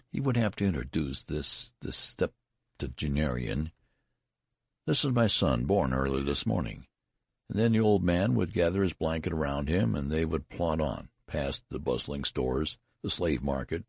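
A man narrating a story in an expressive, dramatic reading style. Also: very deep voice, creaky, husky, dry recording, clean studio sound.

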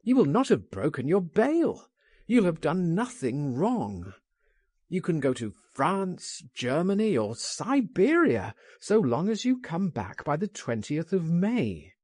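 A man reading an audiobook, voicing an eager gentleman who insists and coaxes his friend. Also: fairly high pitch, slow pace, dry recording, studio quality, voice pushed up, heavily acted. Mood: insistent. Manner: insistent, coaxing, lively. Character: eager, persuasive gentleman urging a friend to flee.

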